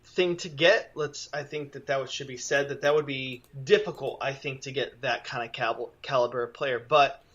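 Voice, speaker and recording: A man co-hosting a casual fantasy football podcast, chatty and upbeat, quick to tease his partner. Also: mid-range voice, fairly even intonation, a bit bright, muffled recording. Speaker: podcast co-host.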